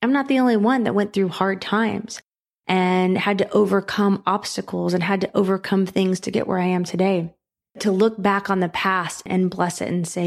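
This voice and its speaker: A woman's voice: mid-range voice, steady tone, normal speed, vocal fry. A woman hosting a motivational podcast, speaking earnestly and encouragingly and repeating phrases for emphasis. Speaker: podcast host.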